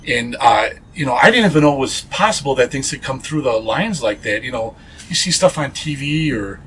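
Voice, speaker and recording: A man's voice: mid-range voice, lively intonation, fairly quick, a bit bright, a little hiss or hum, low-quality recording. A man being interviewed as a paranormal investigator, telling a ghost story earnestly, with many fillers and restarts.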